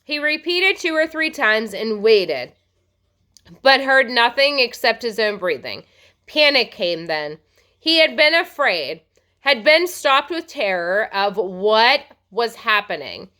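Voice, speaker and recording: A woman teacher reads a novel aloud in an expressive storytelling style. Her high, bright voice moves lively in pitch, and she takes it slowly.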